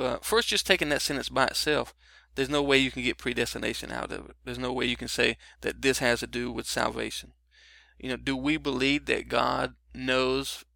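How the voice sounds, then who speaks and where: A middle-aged man teaching scripture on a broadcast, his voice gravelly and bright. He talks loosely and conversationally, with many fillers and restarts. The recording is close and dry. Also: mid-range voice, no room sound. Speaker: Bible teacher.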